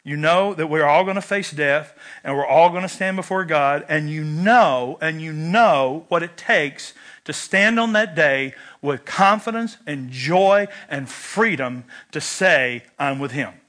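A man's voice: a little high, unhurried. A man preaching a sermon, telling a personal story and acting out its lines. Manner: animated storyteller, shouts quoted lines. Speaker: pastor.

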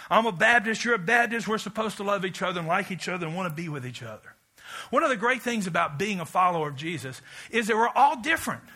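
A middle-aged man preaches with a high, ringing, very bright voice. He hammers his points emphatically and swells to loud peaks. Between them he slips into folksy, chatty stories. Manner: folksy storytelling asides. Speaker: pastor. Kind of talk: sermon.

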